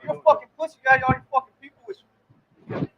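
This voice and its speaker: Fast-talking angry man. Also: very high-pitched, little pitch movement, dull audio. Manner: angry, profane, challenging. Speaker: boxer at a press conference. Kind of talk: heated press conference trash talk.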